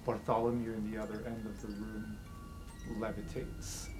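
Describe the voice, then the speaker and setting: A man running a tabletop game as game master, describing scenes in a lively way that swings from hushed to excited. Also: lowish voice, moderate pace, low-quality recording. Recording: background music under the voice.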